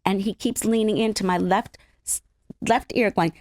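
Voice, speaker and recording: A middle-aged woman from the Los Angeles area, an interview guest telling stories in an animated, laughing way. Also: mid-range voice, normal speed, no echo, studio quality. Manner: animated, laughing, acts out other people's voices. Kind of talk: casual storytelling chat.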